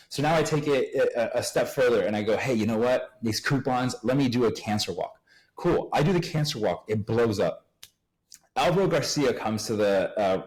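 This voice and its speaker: A man from Uruguay, a podcast guest, telling his business story in a casual, animated way and acting out the people he quotes. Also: lowish voice, low-quality recording.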